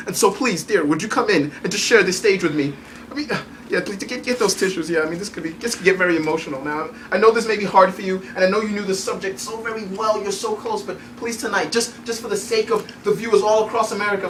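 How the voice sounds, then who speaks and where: A man's voice: high-pitched, a bit bright, slight background noise. A man playing an overdramatic TV news reporter in a home-video mock news skit, rambling with many restarts. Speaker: TV field reporter. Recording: echoey room from far off.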